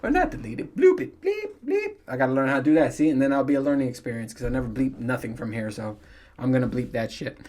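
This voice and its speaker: A man's voice: mid-range voice, steady tone, fast, darkish tone. Podcast host, male, loose and profane, rambles, laughs at himself, mid-range voice. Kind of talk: casual solo podcast rant.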